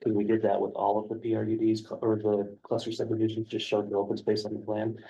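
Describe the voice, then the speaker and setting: A man's gravelly, dark voice picked up from a distance in a county meeting room. He explains a development proposal in a flat, level tone, hesitating over fillers as he goes. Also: fairly low pitch, fast, dull audio. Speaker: county planning staff presenter. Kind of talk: explaining a proposal in a work session.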